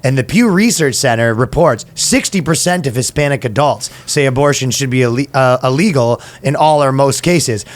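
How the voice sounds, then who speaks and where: A man's voice: mid-range voice, normal speed, few pauses. A man co-hosting a comedy podcast, chatting casually and joking, swearing now and then. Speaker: podcast co-host.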